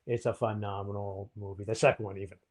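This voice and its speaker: A man's voice: on the low side, little pitch movement, fast talker. A man, a therapist co-hosting a podcast, explaining things in a reflective, casual way with frequent ums.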